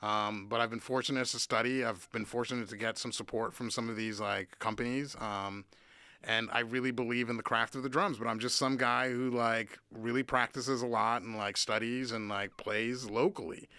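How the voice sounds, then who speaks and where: A man from Cincinnati, a guest drummer and producer, telling stories in an animated casual way, full of "like" and swearing. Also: medium pitch, moderate pace, clear, resonant tone, no echo. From Cincinnati, USA. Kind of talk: casual interview storytelling.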